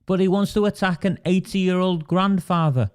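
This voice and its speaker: A man's voice: sits high, steady tone, moderate pace, clear, resonant tone. A man hosting a political livestream, emphatic and indignant, stopping to answer viewer comments. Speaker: livestream host.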